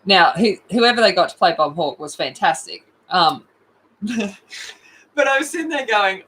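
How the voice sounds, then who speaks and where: Slow, bright-voiced Australian woman streamer. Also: fairly low pitch, husky, rough recording. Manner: chatty, rambling, with excited outbursts. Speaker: art livestream host. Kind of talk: casual livestream chat.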